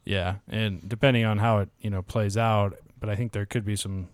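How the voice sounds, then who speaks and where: A man with a low, smooth, clear voice talks through matchups in a steady, measured way. He sounds close to the microphone in a dry, dead room. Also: dry recording. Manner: steady, reads odds and injury news in a measured way. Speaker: fantasy football podcast co-host. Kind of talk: casual podcast chat.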